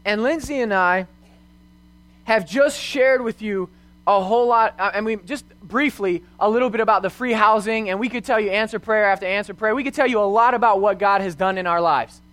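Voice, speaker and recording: A man's voice: sits high, fairly quick, fairly bright tone, no room sound. A young man, a youth pastor, preaching a sermon in an earnest storytelling way, full of rhetorical questions.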